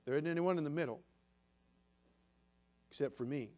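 Folksy older male pastor, higher voice. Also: moderate pace, a little mellow. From United States. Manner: folksy, humorous storytelling with acted quotes. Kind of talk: sermon with storytelling.

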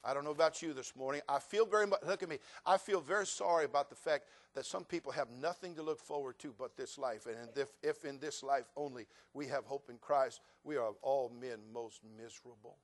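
An animated, humorous male pastor preaches a sermon and acts out his congregation's voices. His medium-pitched voice moves briskly with few pauses.

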